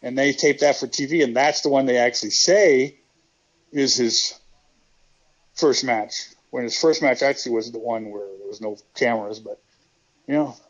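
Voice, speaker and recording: A man's voice: medium pitch, moderate pace, highs cut off. A middle-aged man and former pro wrestler, telling stories with self-deprecating jokes in a casual interview. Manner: joking, self-deprecating storyteller.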